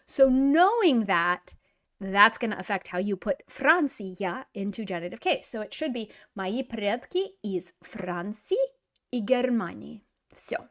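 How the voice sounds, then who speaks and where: This is an American woman giving an online language lesson with a slightly higher voice. She is playful and teasing as she corrects a student's mistakes, and she switches easily between two languages. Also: fairly bright tone. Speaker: Russian language teacher.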